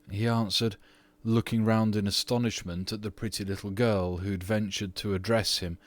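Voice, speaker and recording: A man narrating a classic story as an audiobook reader, calm and measured. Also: lowish voice.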